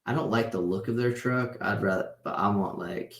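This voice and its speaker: Teaching a casual class online through a video call, a man in his thirties speaks at normal speed in a lowish, slightly bright voice. He's conversational and keeps adding "right?" after his points, all in a roomy, echoing recording.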